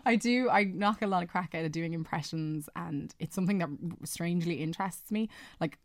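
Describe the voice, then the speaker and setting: A young woman talks in a fairly low voice, chatty and quick to giggle, with plenty of trailing fillers. She sounds close and dry, with no room around her. She is a singer and actor chatting as an interview guest. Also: no echo. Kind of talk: casual radio interview chat.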